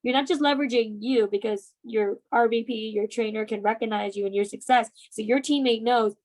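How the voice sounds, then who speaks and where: A woman's voice: a little high, fairly quick, hardly any pauses, darkish tone, rough recording. Emphatic young woman coaching her team. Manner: emphatic, coaxing, keeps asking "right?". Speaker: team leader and sales trainer. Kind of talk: motivational team training talk.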